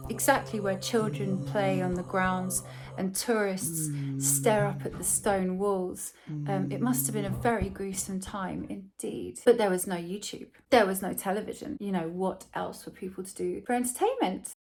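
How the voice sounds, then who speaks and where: A woman's voice: medium pitch, moderate pace, noisy background. A woman narrating a casual history video, chatty, with frequent fillers and restarts. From lives and works in London. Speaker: history vlogger.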